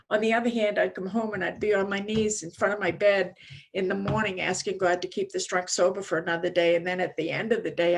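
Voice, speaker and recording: An older woman speaking at a conference, telling her recovery story in a candid, conversational way with frequent fillers. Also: mid-range voice. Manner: candid, conversational, many "you know" fillers. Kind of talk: personal testimony talk.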